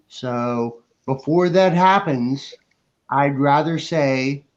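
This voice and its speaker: Man, slow, earnest, repetitive, dull lo-fi tablet audio. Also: medium pitch. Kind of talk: casual chat. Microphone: tablet on video call.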